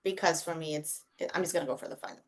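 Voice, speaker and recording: A woman guest film reviewer on a podcast, talking in a relaxed, thoughtful way. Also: low voice, fast. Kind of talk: casual podcast chat.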